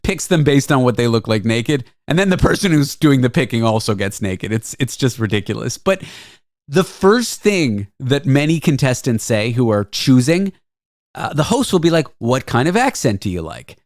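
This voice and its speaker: A man's voice: mid-range voice, moderate pace, dry recording. Joking man hosting, dry close sound. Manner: joking, animated storyteller. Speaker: podcast host. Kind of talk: casual comedic chat.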